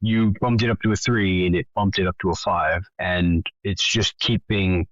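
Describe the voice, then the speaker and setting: Male game master, low-pitched, relaxed and matter-of-fact, dull lo-fi mic. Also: normal speed, no echo. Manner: laid-back, matter-of-fact rules explaining. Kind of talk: narrating a tabletop game.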